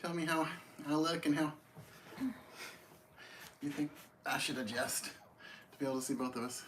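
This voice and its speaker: A man's voice: on the high side, normal speed, a bit bright, slight background noise. Chatty East Tennessee man greeting viewers. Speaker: livestream host. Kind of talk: casual livestream chat. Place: outdoors by a tree. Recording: roomy echo.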